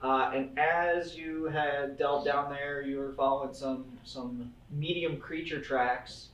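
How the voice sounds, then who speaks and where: A man's voice: mid-range voice, fairly even intonation, slow, fairly bright tone. A man running a tabletop game as game master, teasing his players and narrating loosely with fillers. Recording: roomy, distant mic.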